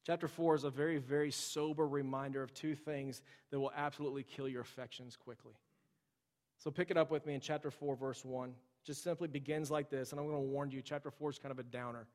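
A man in his thirties preaching a sermon, talking in a relaxed, storytelling way to his congregation. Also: medium pitch, brisk. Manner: conversational, storytelling, addresses the congregation directly. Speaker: pastor. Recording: long reverb of a large hall.

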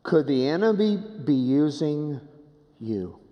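A male pastor preaching in a high, very lively voice that swoops between hushed drops and emphatic peaks. He repeats rhetorical questions at an unhurried pace. His sermon rings with the long reverb of a big church hall. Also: muffled recording. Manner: dramatic, swinging from hushed low phrases to raised emphatic ones.

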